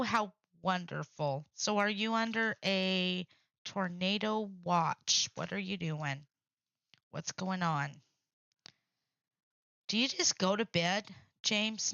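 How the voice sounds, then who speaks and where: A woman's voice: mid-range voice, a bit bright, no room sound. A middle-aged woman hosting a casual live stream, chatting with viewers by name. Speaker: livestream host. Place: home craft room. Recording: dull lo-fi dry sound.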